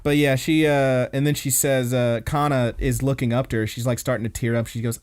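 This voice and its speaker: A man hosting an anime podcast, excitedly retelling scenes and swearing freely. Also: medium pitch, fairly quick, hardly any pauses, clear, resonant tone. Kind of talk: casual podcast recap.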